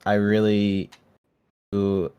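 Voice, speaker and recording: A man who is a panelist on a gaming podcast, talking in a casual chat with a halting, hesitant manner. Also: on the low side, completely flat delivery, clean tone, highs cut off. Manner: hesitant, halting, laughs lightly.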